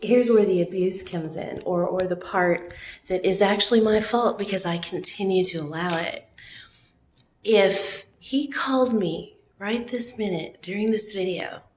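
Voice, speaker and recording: Teary, slow-talking woman in an echoey room. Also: mid-range voice, darkish tone, a little hiss or hum. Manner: raw and rambling, with throat-clearing and rueful laughs. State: teary, voice worn from crying. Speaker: vlogger. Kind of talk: emotional personal vlog confession.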